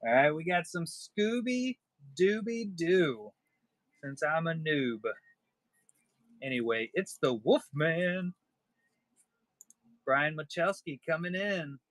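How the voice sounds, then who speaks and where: A man's voice: fairly high pitch, animated, slow pace, pauses often, fairly bright tone, no echo. Male stream host, playful banter, dry close sound. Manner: joking, chatty with viewers. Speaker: livestream seller host. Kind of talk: casual live-stream chat.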